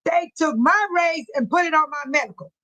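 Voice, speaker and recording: A woman's voice: high-pitched, sharp tone, poor audio. A middle-aged woman hosting a casual livestream, chatting animatedly with her viewers and reading comments and news aloud. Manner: reads news aloud haltingly.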